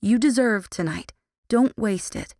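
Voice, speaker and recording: A woman's voice: on the high side, a little slow, a little mellow, no room sound, clean studio sound, pitched above the performer's own voice. A playful coaxing big sister, read by a woman. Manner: coaxing and light. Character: warm, playful older teenage sister.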